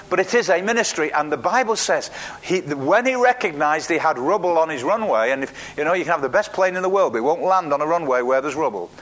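Man preaching a lively sermon. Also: on the high side. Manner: animated storytelling with acted quotes, halting restarts.

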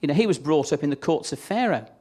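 A man's voice: on the high side, animated, quick pace, warm tone, husky. A man preaching a sermon in a chatty, conversational way, acting out the voices he quotes.

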